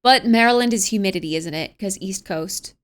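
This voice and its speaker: A woman's voice: mid-range voice, a little fast. A young American woman streamer chatting casually at home, reading viewers' messages aloud and musing on them with frequent laughs. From United States. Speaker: livestreamer.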